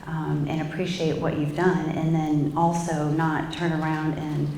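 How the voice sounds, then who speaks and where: Middle-aged woman, candid stage speaker with a deep voice, roomy theatre echo. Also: little pitch movement, unhurried, vocal fry, darkish tone, slight background noise. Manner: candid, self-reflective, loose with fillers. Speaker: guest speaker. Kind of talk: candid personal talk to a live audience.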